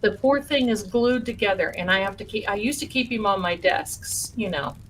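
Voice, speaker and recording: A woman's voice: medium pitch, normal speed, a bit bright, slight background noise, rough recording. A woman hosting a live stream from a room at home, talking to viewers in a chatty, folksy way and calling them her darlings. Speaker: livestream host and spiritual teacher.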